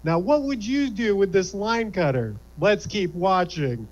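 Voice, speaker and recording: A man's voice: sits high, lively intonation, unhurried, few pauses, muffled recording. A man, a comedy panelist, narrating a mock corporate training video in a cheesy announcer tone.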